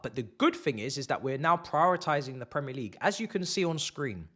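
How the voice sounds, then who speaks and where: A young man hosting a live football watch-along, talking sarcastically and swinging between muttered asides and loud rants. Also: on the high side, big pitch swings, fairly quick, few pauses.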